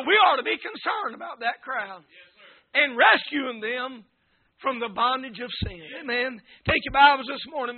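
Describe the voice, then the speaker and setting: Guy preaching loud, high voice, sounds like its over a phone. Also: gravelly. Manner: shouting preacher cadence, fervent. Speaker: visiting preacher. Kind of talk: sermon with scripture reading and prayer. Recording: tinny phone-like recording.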